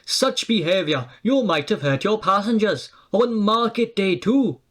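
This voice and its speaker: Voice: mid-range voice, animated, a little slow, fairly bright tone, voice pushed up. A storybook narrator voicing a stern, firm old male steam engine who scolds. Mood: scolding.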